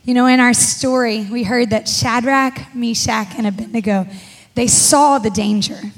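A woman's voice: a little high, fairly even intonation, measured pace. A woman who is a kids pastor, speaking, reading scripture and preaching in a playful, chatty way. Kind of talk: sermon, Bible reading.

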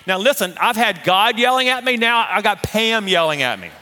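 A man preaching a sermon, telling a personal story in a lively, animated way and acting out the voices of the people in it. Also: high voice, normal speed, hardly any pauses. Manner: animated, acts out quoted voices. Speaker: pastor. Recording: long reverb of a large hall.

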